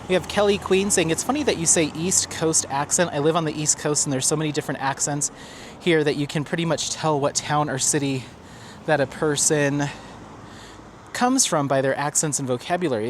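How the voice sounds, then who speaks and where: A man's voice: a little high, a little hiss or hum. A man vlogging while he walks his dog outdoors, chatting loosely and reading viewer comments aloud, with lots of fillers and restarts. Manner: talking while walking a dog. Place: outdoors on a neighborhood street.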